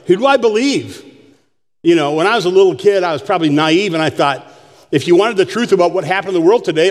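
A man preaching a sermon, animated and joking, asking the congregation questions. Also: high voice. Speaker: pastor. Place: church sanctuary. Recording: long hall reverb.

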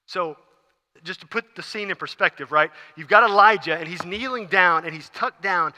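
Forceful high-voiced preacher in a hall. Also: male voice, normal speed. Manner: animated storytelling, acts out scenes. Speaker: pastor. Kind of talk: sermon. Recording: long reverb of a large hall.

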